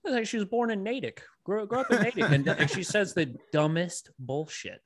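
A man from Massachusetts in casual podcast chat, swearing freely and telling animated stories. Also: high-pitched, brisk, a loud crowd. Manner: swears freely, laughs often, animated storytelling.

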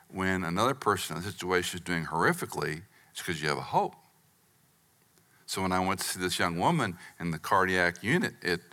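Animated middle-aged male pastor preaching. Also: low voice. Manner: animated, rising to near-shouts for emphasis, dropping to whispers. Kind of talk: sermon.

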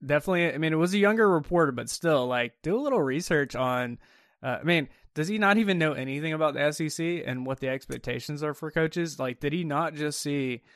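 A man's voice: on the high side, brisk, fairly bright tone, no echo. A young man hosting a casual sports talk show, laid-back and often laughing, with a dry close sound. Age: young adult. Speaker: podcast host.

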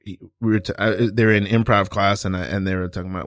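A man who hosts a podcast and teaches improv, telling stories in a casual, animated way with self-interruptions. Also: sits low, fast talker, no echo, clean studio sound. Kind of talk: casual chat. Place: radio studio. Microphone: studio microphone.

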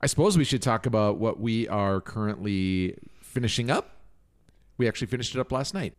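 A man's voice: fairly low pitch, animated, a little fast. A man co-hosting a casual podcast, chatty and rambling, laughing often and swearing casually. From Minnesota, United States. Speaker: podcast co-host. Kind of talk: casual chat.

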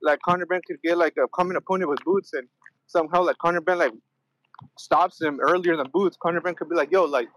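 A man's voice: on the high side, steady tone, fast, fairly bright tone, dry recording, rough recording. A young man calling into a boxing show while out of breath from running, rambling with many fillers. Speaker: caller.

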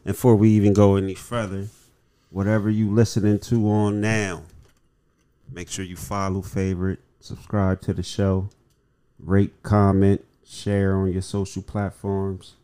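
Slangy laid-back podcast host, low voice. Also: male voice, little pitch movement, unhurried, warm tone, smooth. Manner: loose, slangy, swearing, laughs easily. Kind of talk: casual podcast chat.

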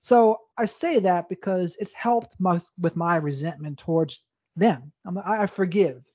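A man's voice: high voice, a little slow, a little mellow, no echo, dull audio. A man, a podcast guest, telling his life story in a candid, rambling way with frequent restarts. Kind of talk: casual storytelling interview.

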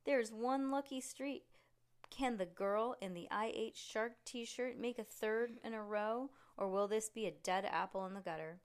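Mom putting on a shouty bowling pin guy, pumped up, higher and louder than her normal. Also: a little slow, clean tone, close to an everyday voice. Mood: hyped. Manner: shouty hyped announcer patter. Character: loud upbeat man in a bowling pin costume. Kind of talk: reading a picture book aloud.

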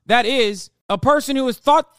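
A man in his thirties streaming, reacting to a video with an angry, profane rant that bursts into shouts. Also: very high voice, normal speed, clean tone, no echo, clean studio sound. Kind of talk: ranting reaction commentary.

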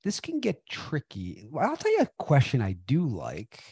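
Animated husky-voiced man, guest speaker. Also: fairly high pitch, moderate pace, no room sound, clean studio sound. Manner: animated, emphatic, repeats for stress. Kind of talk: conversational interview.

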